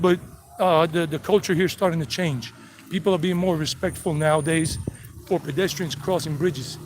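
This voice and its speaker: A man with a mix of South Carolina and New York accents, chatting casually on a live-streamed walking tour, rambling as he walks outdoors and reads chat messages from his phone. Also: high-pitched. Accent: mixed South Carolina and New York. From United States. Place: outdoors on city streets, traffic passing. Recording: faint street traffic noise.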